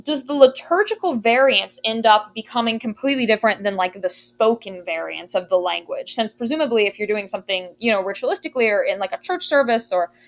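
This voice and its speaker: A woman's voice: on the high side, animated, a little fast, few pauses. A woman hosting a podcast, asking long, curious questions in a casual, rambling way, with many filler words. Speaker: podcast host.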